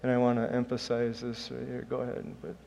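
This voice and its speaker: A man's voice: medium pitch, completely flat delivery, fast talker, creaky, dark tone. A middle-aged man preaching a sermon as a pastor, earnest and emphatic, pushing his voice up on key points. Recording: reverberant hall.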